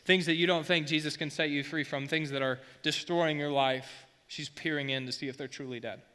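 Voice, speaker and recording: Guy preaching casual and slangy, bright punchy voice, big hall echo. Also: fairly high pitch, steady tone, a little fast, clear, resonant tone. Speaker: youth pastor. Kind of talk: sermon.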